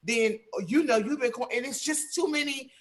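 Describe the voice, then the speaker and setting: A woman's voice: high voice, normal speed. A woman speaks on a video call as a panelist, giving advice in an emphatic, preachy, plain-spoken way. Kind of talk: earnest advice in an online panel.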